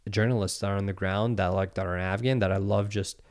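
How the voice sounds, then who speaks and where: A man's voice: deep voice, fast talker. A man in his thirties hosting a podcast, telling a story casually and acting out the voices with some swearing. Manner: animated storyteller, acts out quotes, swears. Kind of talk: casual chat.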